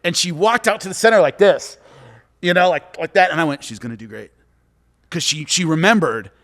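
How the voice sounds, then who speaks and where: A man, a former fighter and commentator, giving coaching advice and telling lively stories in a podcast chat, acting out what people said. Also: on the high side, brisk. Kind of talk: animated storytelling in a podcast chat. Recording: long hall reverb.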